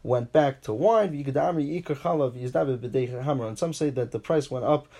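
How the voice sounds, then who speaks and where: A man teaching a Talmud class, reading each line and paraphrasing it in English, animated, with frequent restarts. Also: a little fast. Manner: animated, pitch jumps for emphasis.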